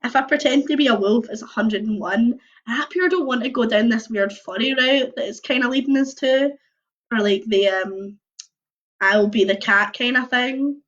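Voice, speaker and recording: A young woman reading a choose-your-own-adventure book aloud on a livestream, mixing lively narration with casual chatty asides. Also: fairly high pitch, moderate pace. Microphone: computer or phone mic on a video stream. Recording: dull lo-fi livestream audio.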